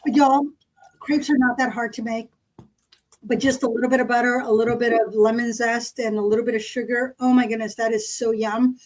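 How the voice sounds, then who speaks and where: A woman, co-hosting a podcast in casual chat and telling a story with lively quoted dialogue. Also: a little high, a little fast, low-quality recording. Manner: chatty storyteller, acts out quoted people. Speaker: podcast co-host.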